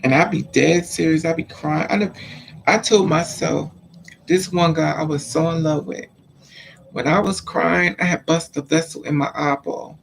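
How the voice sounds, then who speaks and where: A man talks through his own experiences in a frank, confiding vlog. His voice sits fairly high and has a gravelly edge. A faint hiss lies under the speech. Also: fairly even intonation, moderate pace. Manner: frank, confiding, acts out quoted exchanges. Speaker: vlogger. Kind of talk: candid personal storytelling.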